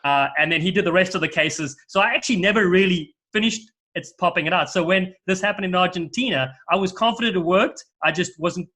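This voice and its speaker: A middle-aged man, a rugby commentator, chatting casually and telling stories with lively acted-out quotes. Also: high-pitched, fairly quick, hardly any pauses. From South Africa. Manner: animated storyteller, acts out quoted lines. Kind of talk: casual chat, storytelling.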